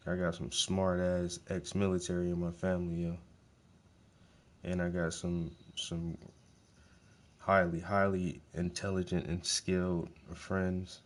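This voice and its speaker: Blunt, profane man with a deep voice. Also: level tone, a little slow. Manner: profane, blunt, emphatic, repeats words. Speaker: host. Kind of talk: casual monologue.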